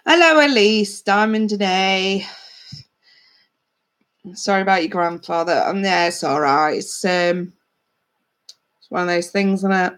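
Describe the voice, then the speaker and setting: A woman's voice: mid-range voice, measured pace, pauses often, a bit bright. Chatty woman reader answering live chat. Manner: chatty, reads out viewer comments and answers them, calls people darling. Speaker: psychic reader hosting a livestream. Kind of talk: casual live-stream chat with viewers.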